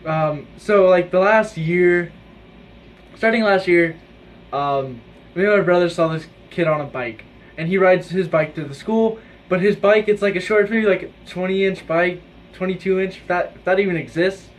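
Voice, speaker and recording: Rambling high-voiced teen boy vlogger. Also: moderate pace. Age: teens. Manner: rambling, many "like"s, laughs while telling stories. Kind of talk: casual chat to camera. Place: indoors with his own video light.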